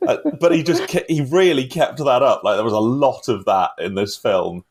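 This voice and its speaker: A man's voice: medium pitch, normal speed, a little mellow, slight background noise. A man hosting a film podcast, chatting casually and rambling with frequent restarts and laughs. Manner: rambling, self-interrupting with laughs.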